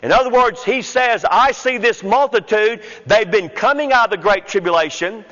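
A man preaching a sermon, working slowly and deliberately through the text point by point. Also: sits high, a bit bright. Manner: slow, deliberate expository preaching with counted points. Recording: muffled sound with long hall reverb.

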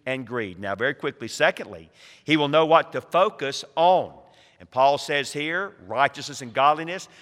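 A man preaching a sermon as a pastor, slowing down to stress words and swinging between quiet and loud. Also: on the high side. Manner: emphatic preaching with slow, stressed phrases and swings in volume. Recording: reverberant hall.

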